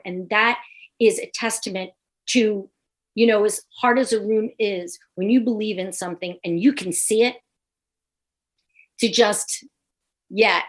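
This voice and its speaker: A woman comedian, appearing as a guest on a podcast interview, tells a lively anecdote in a medium-pitched voice. She's animated and acts out the voices of the people she quotes.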